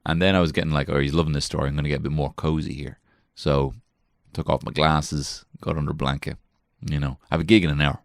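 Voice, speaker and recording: A man's voice: a bass voice, little pitch movement, fast talker, few pauses, dry recording, studio quality. A man in his thirties telling a rambling comic story as a podcast host, swearing and mocking himself as he jumps into put-on voices. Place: small garden shed.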